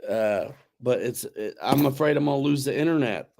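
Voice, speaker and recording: A man's voice: medium pitch, normal speed, gravelly, noisy background. A man hosting a casual livestream chat, talking in a laid-back, slangy, rambling way with restarts. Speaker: host.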